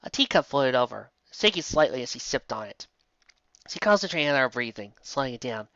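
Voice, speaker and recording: A woman reading fan fiction aloud in a lively storybook narration with casual asides. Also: very deep voice, brisk, dry recording. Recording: dull lo-fi dry home recording.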